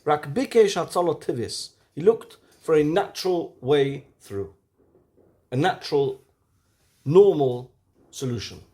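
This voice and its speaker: Unhurried and fairly high-pitched, a man leads a weekly Torah lesson full of life. Rhetorical questions punctuate his talk as his volume shifts from loud to hushed.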